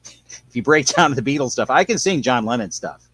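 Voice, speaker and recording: Relaxed man with a lively voice. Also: mid-range voice, normal speed, breathy edge, no room sound. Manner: relaxed, rambling, self-deprecating. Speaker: musician guest. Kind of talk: casual chat.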